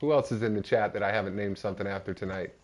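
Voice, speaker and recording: A man's voice: on the low side, fairly even intonation, rapid-fire. A man streaming a space exploration game, chatting casually with a friend and his viewers. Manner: chatty, upbeat, talks to chat while playing. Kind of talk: casual live-stream chat.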